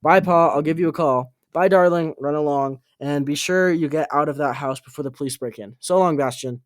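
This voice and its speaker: A man's voice: on the high side, fairly quick, dry recording, close to an everyday voice. A man voicing a teasing young pregnant woman in a sing-song tone, read from an audiobook.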